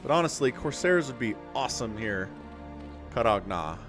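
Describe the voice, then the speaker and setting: A man casually casting a strategy game on a live stream, chatty and quick to laugh. His voice sits in a middle pitch. Background music runs steadily behind him. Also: sing-song. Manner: chatty, laughs often, talks to chat. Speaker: game caster, channel host.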